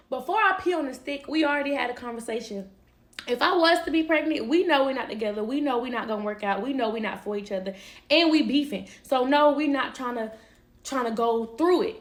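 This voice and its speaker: Slangy, animated woman telling a story. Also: fairly high pitch, a little fast. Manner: slangy, animated, talks straight to viewers. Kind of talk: casual storytime.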